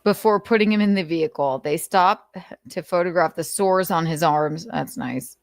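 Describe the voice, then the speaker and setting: A woman's voice: lowish voice, moderate pace, no room sound. Dry-voiced woman giving a wry dramatic reading. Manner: wry, sarcastic asides. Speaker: host.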